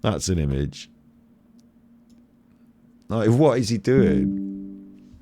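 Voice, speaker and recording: A man's voice: lowish voice, very animated, drawn-out words, warm tone, faint music behind. A man streaming casual commentary over a video clip, chatty, laughing and swearing.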